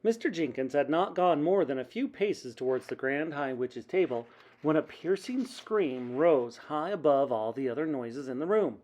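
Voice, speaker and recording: A male teacher reads a children's book aloud with dramatic flair, his voice sitting a touch high. His pitch swoops up and down as he builds the suspense. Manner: animated, dramatic storytelling.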